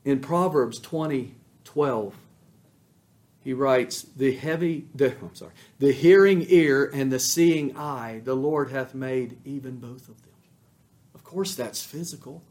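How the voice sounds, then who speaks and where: A pastor preaches a sermon fervently in a slow, mid-range voice. He swells loud on emphatic lines and drops soft on the quieter ones.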